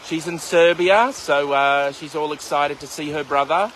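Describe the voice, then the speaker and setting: A man's voice: a little high, a little slow, hardly any pauses, fairly bright tone, a little hiss or hum. Chatty man by a river. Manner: chatty and joking, greets viewers by name. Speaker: mindfulness meditation teacher. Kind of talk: casual livestream talk and guided meditation. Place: outdoors beside a river. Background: flowing river.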